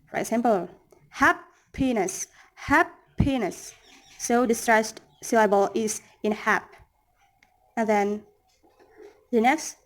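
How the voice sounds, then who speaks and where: A young woman with an Indonesian accent presenting a class lesson, repeating examples slowly and asking the audience questions. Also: fairly high pitch, darkish tone. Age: young adult. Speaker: student presenter.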